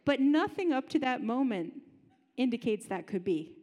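A woman preaching a sermon in a chatty, animated and humorous way, in a large high-ceilinged room. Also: normal speed, muffled recording. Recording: long hall reverb.

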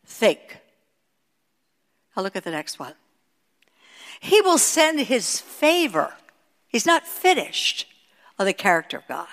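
An older woman teaching a sermon, moving between emphatic high peaks and hushed, quiet asides. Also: slow pace, long pauses. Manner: expressive preaching, rising to emphatic peaks and dropping to hushed asides. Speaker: Bible teacher. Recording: long hall reverb.

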